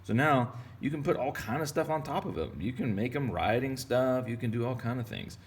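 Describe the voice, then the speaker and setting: A man's voice: mid-range voice, a little fast, husky. A man from Texas giving a casual drawing lesson for kids, rambling and playful as he goes. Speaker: art teacher.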